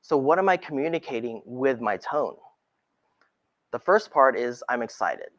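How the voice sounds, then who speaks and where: A middle-aged man, a realtor, giving a presentation to colleagues, animated and demonstrating different tones of voice as he talks. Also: mid-range voice, moderate pace.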